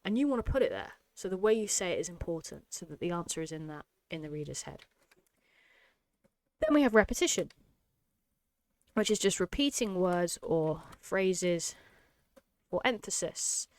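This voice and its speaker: A woman's voice: on the low side, lively intonation, normal speed, no echo. A woman teaching an exam-prep lesson, emphatic and explanatory, often checking in with "okay?". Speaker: English tutor.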